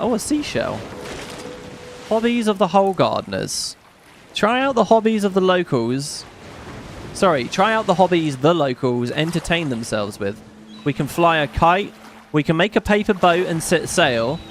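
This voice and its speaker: A gaming YouTuber with a fairly high voice does casual let's-play commentary over game music, chatting and musing aloud as he reads the on-screen text. There's a little hiss or hum in the audio.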